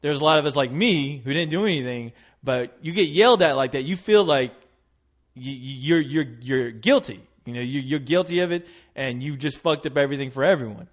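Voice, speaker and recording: A man's voice: mid-range voice, a little fast. A man telling a story in a casual podcast chat, laughing often and acting out what others said. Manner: animated storytelling, laughing, acts out quotes. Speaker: co-host.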